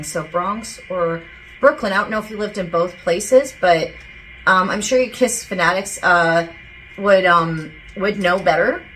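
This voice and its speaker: A woman's voice: lowish voice, fairly bright tone, a little hiss or hum, poor audio. A woman working as a psychic medium, talking casually and rambling as she relays what a spirit tells her. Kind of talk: casual channeling session.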